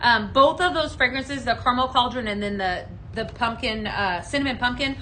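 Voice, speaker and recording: Bright, chatty woman hosting a live sales show. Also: fairly high pitch, normal speed, a little hiss or hum, poor audio. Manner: chatty and upbeat, selling, reading viewer comments aloud. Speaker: host of a live home fragrance sales show. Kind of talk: live on-air product demo chat. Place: studio set under hot lights.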